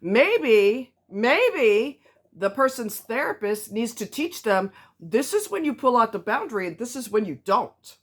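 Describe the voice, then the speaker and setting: A woman's voice: on the high side, very animated, measured pace. A woman ranting to her viewers in a vlog, blunt and emphatic, repeating herself for stress. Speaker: vlogger. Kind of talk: ranting to camera.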